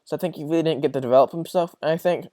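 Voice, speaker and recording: A man's voice: a little high, racing, dark tone, no room sound. A young man hosting a casual solo sports podcast, rambling and swearing as he rants. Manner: rambling, profane, exasperated. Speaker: podcast host.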